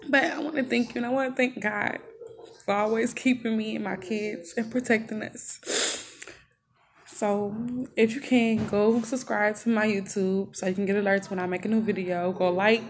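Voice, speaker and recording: Tearful young woman with vocal fry. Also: medium pitch, steady tone. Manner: halting, heartfelt, with many restarts. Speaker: vlogger. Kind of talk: emotional personal vlog.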